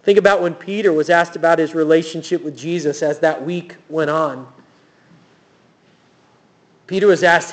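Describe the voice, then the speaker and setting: A man preaching a sermon in a church, telling the story with animated, acted-out quotes. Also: fairly high pitch, normal speed, pauses often. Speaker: pastor.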